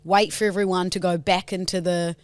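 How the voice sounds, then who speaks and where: A woman's voice: fairly low pitch, level tone, fairly quick, no room sound. A woman co-hosting a podcast, chatting and teasing in casual banter. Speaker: podcast co-host.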